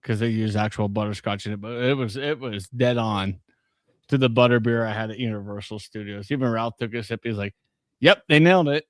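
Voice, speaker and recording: A man's voice: lowish voice, steady tone, a little fast, no echo. A man in a casual podcast chat who tells chatty stories and laughs often as he talks.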